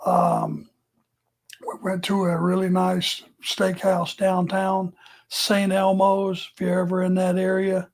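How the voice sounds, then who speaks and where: Older Southern male co-host, easygoing and unhurried, plain conversational delivery. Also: high voice, very animated, gravelly. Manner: laid-back, plainspoken, unhurried. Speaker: retired wrestler, co-host. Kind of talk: casual podcast chat.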